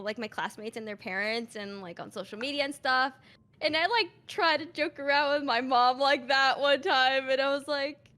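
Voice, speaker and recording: Young woman, high voice, hesitant casual chatter with lots of fillers. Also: sharp tone. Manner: hesitant, many fillers, laughing. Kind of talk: casual group chat.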